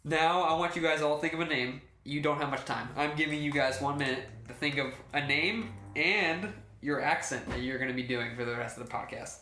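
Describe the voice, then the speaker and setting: A man's voice: a little high, fairly quick, hardly any pauses, sharp tone, roomy sound, slight background noise. A man acting as game master, explaining the rules in a rambling way, full of fillers and restarts. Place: room shared with players.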